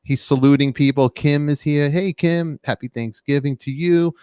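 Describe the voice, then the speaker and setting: A man hosting a live online talk show, joking loudly and giving quick shout-outs to viewers in the chat. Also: on the high side, steady tone, clear, resonant tone, no echo, clean studio sound. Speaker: podcast host. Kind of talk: lively live-stream chat.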